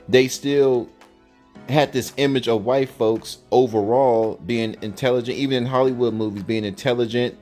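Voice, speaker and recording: A male host gives blunt reaction commentary in heavy slang, stretching words out for emphasis. His voice sits at a middle pitch. Faint music plays behind him. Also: a little mellow. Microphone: audio only, no camera.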